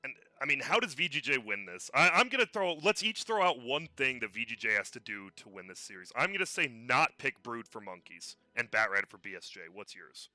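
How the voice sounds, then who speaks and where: A man's voice: mid-range voice, big pitch swings, brisk, few pauses, pushed and bright, no echo. A man commenting on a live esports match in a casual, chatty way, often restarting his words, with a headset mic.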